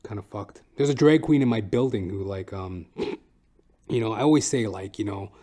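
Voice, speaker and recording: A man hosts a comedy podcast, rambling and swearing through a solo monologue and jumping into high, silly voices. He speaks at a moderate pace with a dark tone.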